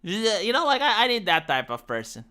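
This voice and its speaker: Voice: mid-range voice, sing-song, moderate pace, bright, forceful tone, smooth. A live streamer from Romania with a Romanian accent, speaking English as a second language. They chat casually and profanely with viewers, rambling through fillers and restarts.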